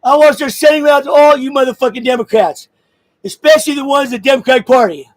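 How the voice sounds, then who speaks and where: Angry vlogger, very high male voice, crude and loud, dry close sound. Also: quick pace, no room sound, poor audio. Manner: angry, crude, bursts of shouting and laughter. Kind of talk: profane political rant to camera.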